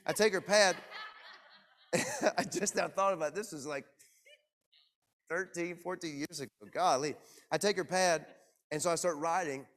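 A man preaching to his congregation, telling a personal story in a lively, self-mocking way. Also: on the high side, normal speed, long pauses. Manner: animated, self-deprecating storyteller. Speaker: pastor. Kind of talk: sermon storytelling. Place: church.

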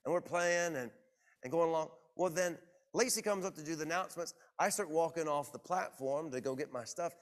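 Man, pastor, preaching in church, lively self-mocking storyteller, fairly high voice. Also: brisk. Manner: animated, self-deprecating storyteller. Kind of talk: sermon storytelling.

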